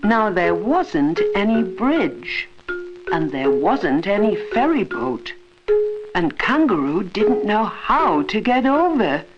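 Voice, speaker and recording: A woman narrating an animated storybook film in a rhythmic, sing-song way. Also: mid-range voice, slow. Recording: dull old film soundtrack with music.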